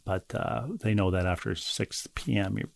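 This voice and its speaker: A man with a low, gravelly voice co-hosts a relaxed chat podcast. He reads listener letters aloud and teases his partner, dryly and with plenty of restarts. The sound is close and dry. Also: no echo. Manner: wry, teasing, halting with restarts. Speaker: podcast co-host. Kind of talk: casual chat, reading listener mail.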